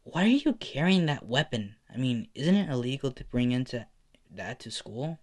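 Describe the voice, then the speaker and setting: A man's voice: sing-song, moderate pace, darkish tone, close to an everyday voice. A man voicing a nervous teenage girl student who speaks in a raised, apologetic voice. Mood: flustered. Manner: high-pitched, nervous, apologetic.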